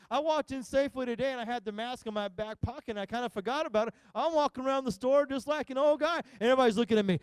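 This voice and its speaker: A man's voice: very high-pitched, expressive, rapid-fire, few pauses, clear, resonant tone, dry recording. A male pastor giving a humorous sermon, telling stories and acting out the voices of the people in them. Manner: jokey storyteller acting out quoted voices. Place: church service live stream.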